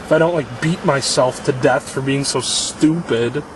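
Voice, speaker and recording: A man's voice: mid-range voice, normal speed. A young man venting in a self-filmed vlog, frustrated and blaming himself, swearing often, recorded in a parking lot. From Illinois. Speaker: vlogger. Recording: distant mic with clear outdoor noise.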